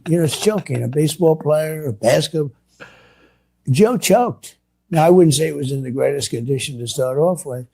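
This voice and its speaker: Older male politician, gravelly and mellow-dark, boastful repetitive rambler. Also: fairly high pitch, moderate pace. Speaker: politician answering reporters. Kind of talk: clip of a press Q&A.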